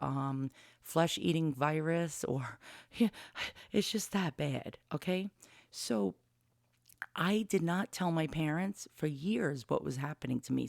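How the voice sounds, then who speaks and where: Gravelly-voiced woman telling her story. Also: deep voice, darkish tone, no echo, studio quality. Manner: candid, rambling, blunt with swearing. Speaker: vlogger. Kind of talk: personal storytelling. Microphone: studio mic with pop filter.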